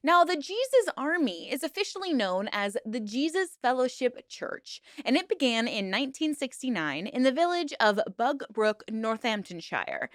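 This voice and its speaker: Upbeat woman narrating a deep dive. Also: a bit bright, no room sound, clean studio sound. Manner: upbeat, playful, jokes about herself. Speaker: true-crime and cult video host. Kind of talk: scripted documentary narration and casual chat to viewers.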